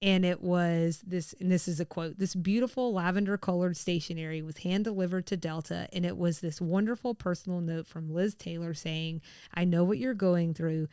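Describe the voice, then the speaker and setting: A woman's voice: fairly low pitch, fairly even intonation, moderate pace, mellow, smooth, dry recording, clean studio sound. A woman co-hosting a podcast in casual chat, chatty with many fillers and frequent laughs. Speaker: podcast co-host.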